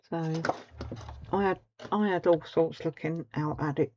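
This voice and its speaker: A woman's voice: low-pitched, steady tone, measured pace, very noisy. A woman hosting a casual craft tutorial, chatting her way through each step with plenty of ums. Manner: chatty, rambling, with many ums. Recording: slightly dull home recording.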